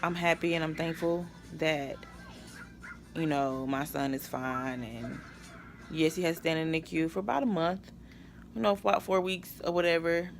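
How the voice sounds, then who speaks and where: Brief: tired young woman, gravelly fry, rambling vlog update, faint music underneath. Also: low voice, fairly even intonation, moderate pace. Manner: tired, rambling, with sighs and yawns. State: exhausted from no sleep. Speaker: vlogger.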